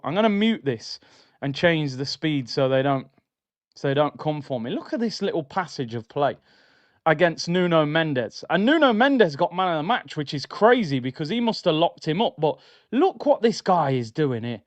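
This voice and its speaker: A chatty man hosts a football stream in a slightly raised voice, excitable and slangy as he talks straight to his viewers. His voice sounds smooth and resonant, recorded dry but a little dull and lo-fi. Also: a little high, normal speed, no room sound. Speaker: football channel host. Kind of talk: casual football talk stream.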